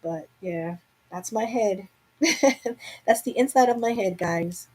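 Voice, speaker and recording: A young woman hosts a relaxed livestream from her home. She talks openly and rambles on at an ordinary mid pitch, as if she were catching up with a friend. She is recorded on a simple webcam-style mic. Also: takes it slowly, slightly rough, poor audio. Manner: candid, rambling, talks to herself. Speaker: live stream host. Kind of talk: casual chat to viewers.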